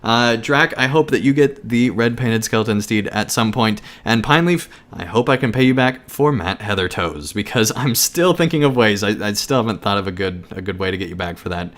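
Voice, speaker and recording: A man's voice: fairly low pitch, animated, a little fast, few pauses. Earnest man thanking his listeners. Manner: warm, earnest, grateful, a few fillers. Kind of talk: casual podcast thank-you message.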